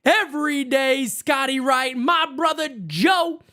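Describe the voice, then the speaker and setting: A man hosting a baseball fan live stream from his home setup, hyped and shouting out viewers in the chat by name. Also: very high-pitched, takes it slowly. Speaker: baseball fan show host.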